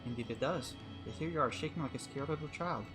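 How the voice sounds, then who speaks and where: Man playing a cold mocking witch, a bit higher, fast-paced; game voice read. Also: music in the background, natural voice. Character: cold, mocking witch who grants wishes.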